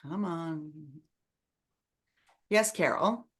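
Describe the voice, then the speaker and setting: A woman's voice: fairly low pitch, extremely slow, fairly bright tone, slightly rough. A woman hosting an online book club discussion over a video call, chatty and full of fillers.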